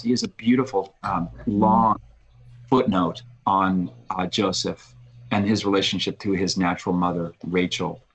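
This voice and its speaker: A man with a somewhat low voice, speaking as a guest on a podcast. He retells stories in a lively way and often stops and restarts his sentences. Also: breathy edge, low-quality recording. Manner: animated storyteller, frequent restarts. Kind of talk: casual conversation.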